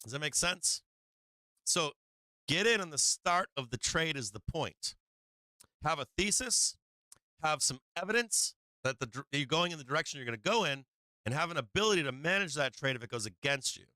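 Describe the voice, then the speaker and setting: Brief: male stock-stream host, bright and clear tone, close dry mic, loose and profane, voice getting worn. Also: fairly high pitch, animated, normal speed, no room sound. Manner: profane, chatty, laughing while watching charts. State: strained, tiring voice. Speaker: livestream trading host. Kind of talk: casual live-stream market commentary.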